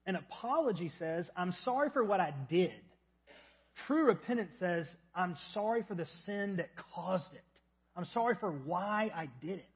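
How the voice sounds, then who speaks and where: Man, pastor, sermon, emphatic, repeats phrases, husky, muffled lo-fi recording. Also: expressive, moderate pace. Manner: emphatic, repeats key phrases, drops to soft low tones for acted prayers.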